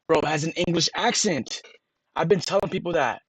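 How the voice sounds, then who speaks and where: A man's voice: fairly high pitch, a little fast, slightly rough, dry recording, rough recording. An American man livestreaming, talking casually and sounding words out letter by letter. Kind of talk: casual rambling stream talk.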